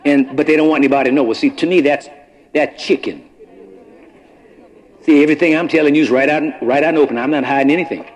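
A man's voice: on the high side, fairly even intonation, quick pace, pauses often, rough recording. A man preaching a sermon to his congregation in a conversational, blunt manner, from an old broadcast. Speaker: pastor. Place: church congregation. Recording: archival radio broadcast.

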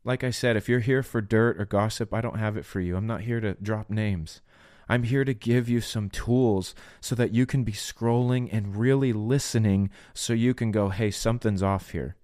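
A man's voice: fairly low pitch, normal speed, darkish tone, no echo, studio quality. A man hosting a solo podcast, preaching earnestly and pleading with listeners, often acting out the voices he quotes.

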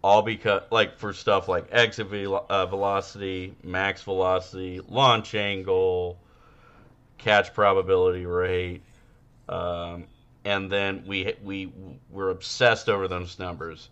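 A man's voice: deep voice, flat delivery, measured pace, a bit bright, clean tone, muffled recording. A man co-hosting a podcast, chatting crudely and rambling with many fillers. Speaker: podcast co-host. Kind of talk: casual comedic chat.

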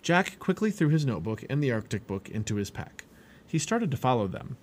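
A man reading a children's chapter book aloud as a parent, animated and expressive. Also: mid-range voice, brisk. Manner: animated, expressive reading with many character voices. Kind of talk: storybook read-aloud.

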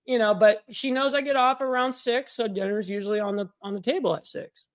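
Chatty West Coast radio co-host, dry close sound. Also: male voice, high voice, a little fast, dry recording. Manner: laid-back, chatty. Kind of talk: casual radio banter.

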